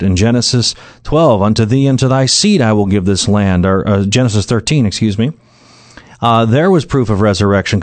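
A man's voice: on the low side, a little mellow, dry recording. A middle-aged man preaching a sermon, working through Bible verses in an earnest, conversational way with many fillers and restarts.

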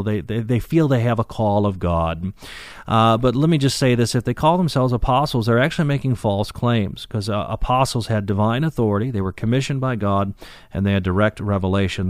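A man's voice: medium pitch, no echo. Man, bible teacher, conversational verse-by-verse teaching, stresses key words, dry close recording. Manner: conversational, with fillers and restarts, leans into key words.

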